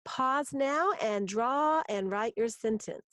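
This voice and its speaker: A woman teacher giving a recorded grammar lesson, explaining each step slowly and patiently. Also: fairly high pitch, lively intonation, a bit bright, dry recording, clean studio sound.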